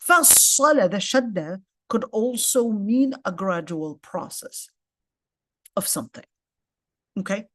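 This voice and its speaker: A woman's voice: mid-range voice, animated, takes it slowly, long pauses, darkish tone, no room sound, studio quality. A woman teaching a casual lecture in English with Arabic terms mixed in, explaining step by step and often checking in with "okay?". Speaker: Quran tafseer teacher.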